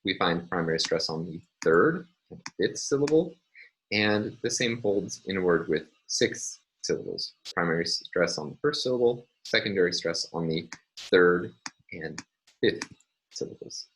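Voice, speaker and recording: A man's voice: low voice, expressive, unhurried, a bit bright, a little hiss or hum, poor audio. A man giving a recorded university phonology lecture, explaining step by step with frequent ums and uhs.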